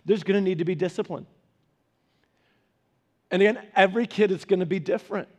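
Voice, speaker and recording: A male pastor with a high voice delivers a sermon through lively family anecdotes. He laughs in between and acts out the people in his stories. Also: brisk. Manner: animated storytelling, laughing asides.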